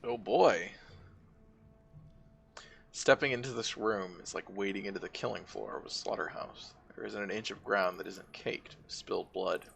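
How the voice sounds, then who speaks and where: Gravelly low-voiced man streaming a game. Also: normal speed, fairly bright tone, soft background music. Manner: wry, reads vivid game narration and reacts casually. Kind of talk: game playthrough, reading narration aloud and commenting.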